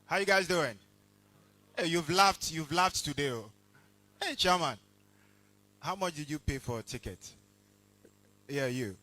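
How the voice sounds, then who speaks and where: A man doing relaxed stand-up, teasing audience members. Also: a little high, a little slow, long pauses. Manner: relaxed, teasing crowd work. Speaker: stand-up comedian. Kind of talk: stand-up comedy set with crowd work. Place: comedy awards stage before a live audience.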